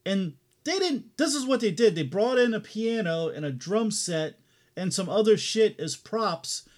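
A man co-hosting a casual podcast chat, laughing often and telling stories in an animated way. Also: high voice, a little slow. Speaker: podcast co-host.

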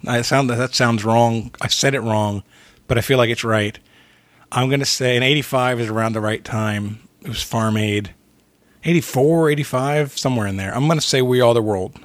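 A young man playing a casual trivia game on a podcast, excitable and thinking out loud, groaning when he is stuck. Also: medium pitch, normal speed, dry recording. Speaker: quiz contestant and co-host.

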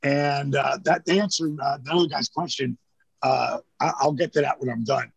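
A man's voice: medium pitch, steady tone, moderate pace, creaky, breathy edge, dry recording. An older man telling rambling, profane anecdotes in casual chat, acting out the lines of the people in his stories. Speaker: storyteller guest.

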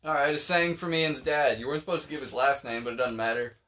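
A man's voice: mid-range voice, quick pace, pushed and bright. A young man hosting a casual podcast, rambling and swearing freely as he explains things. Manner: profane, rambling, laid-back. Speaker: podcast host.

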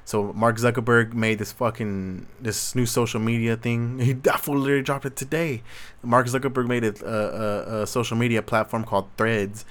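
Speaking at normal speed with a medium, fairly bright pitch and fairly even intonation, a young adult man hosts a solo Q&A. The Southern California native's casual rant rambles, full of profanity and slang.

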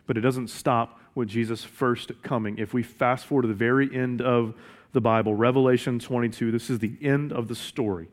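A man's voice: mid-range voice, steady tone, normal speed. A man preaching a sermon in an earnest way, often repeating key phrases for emphasis. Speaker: pastor.

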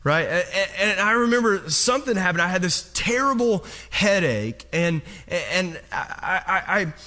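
A man's voice: sits high, expressive, unhurried, pushed and bright. A man preaching a sermon to his congregation, telling a personal story with many restarts and repeated words. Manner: speaks straight to the congregation. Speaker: pastor.

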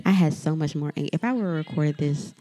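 A woman's voice: low voice, quick pace, mellow. A woman hosting her own podcast, venting in a heated, profane solo monologue and speaking straight to her listeners. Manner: addresses listeners directly. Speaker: podcast host.

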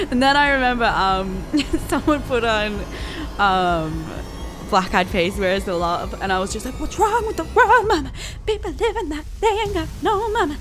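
A woman's voice: medium pitch, fairly bright tone. A young Australian woman in her twenties telling a story in a casual vlog, chatty and profane, full of likes and laughing asides. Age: 20s.

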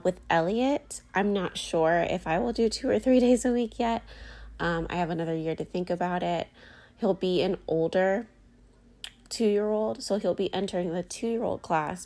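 A woman's voice: lowish voice, creaky. A woman in her thirties hosting a casual personal podcast, talking candidly and emotionally with lots of "like" and "um" fillers. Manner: chatty, many "like" and "um" fillers. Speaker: podcast host.

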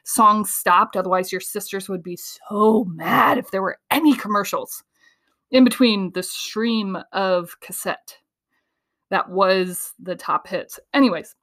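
Woman host, casual monologue, animated storyteller, laughs a lot, ideas racing. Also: mid-range voice. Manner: quick, tumbling flow of ideas.

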